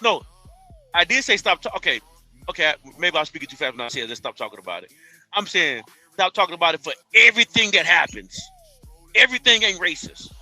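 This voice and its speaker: A man's voice: sits high, expressive, brisk, pushed and bright, no room sound, soft background music. A man arguing his point in a casual podcast debate, emphatic and often restarting his sentences.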